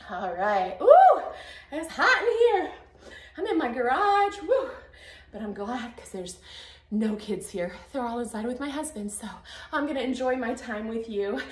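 A high-voiced woman in her thirties leads a low-impact arm workout, upbeat and encouraging as she counts through the reps. She sounds a little out of breath. Her voice rings in the echo of a home garage. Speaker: fitness instructor. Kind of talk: guided workout instruction. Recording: echoey garage.

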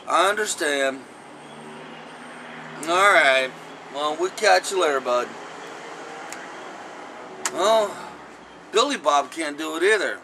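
A man's voice: sits high, unhurried, long pauses, pushed and bright, slight background noise, rough recording. A man hosting a comic vlog skit, rambling and acting out phone calls. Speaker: comedy vlog host.

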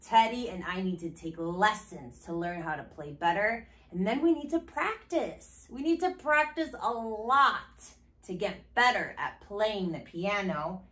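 A young woman hosting a children's learning show, talking to toddlers in a slow, exaggerated, encouraging way. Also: mid-range voice, animated, a bit bright. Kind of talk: sing-song talk to small children.

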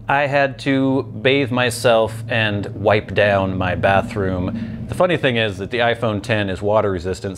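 A man's voice: on the low side, a little hiss or hum. A man from the Pacific Northwest hosting his show, chatting casually and self-deprecatingly while smoking a pipe. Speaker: host.

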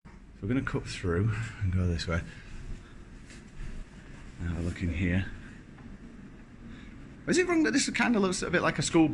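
A man's voice: on the low side, sing-song, normal speed, pauses often, a little hiss or hum, poor audio. A man, chatting wryly and self-mockingly as he films a walk-through tour. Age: 30s. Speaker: vlogger touring a building. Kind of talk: casual walk-through commentary. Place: large empty indoor building.

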